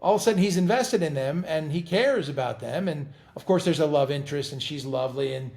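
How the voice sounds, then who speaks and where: A middle-aged man chatting as an interview guest, telling animated stories and often repeating words as he talks. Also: fairly high pitch, a little fast, gravelly. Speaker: guest actor. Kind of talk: casual interview chat.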